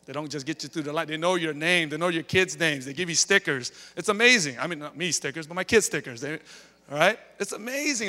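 A man's voice: a little high, animated, a little fast, bright, forceful tone. A man preaching a sermon in a church, telling stories in a chatty way and tagging lines with okay and all right. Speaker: pastor. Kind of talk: storytelling sermon. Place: church sanctuary. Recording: reverberant church hall.

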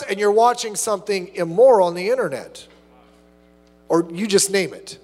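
A man preaching a sermon as pastor, animated, acting out little asides and quotes. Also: high voice, normal speed, big-room sound.

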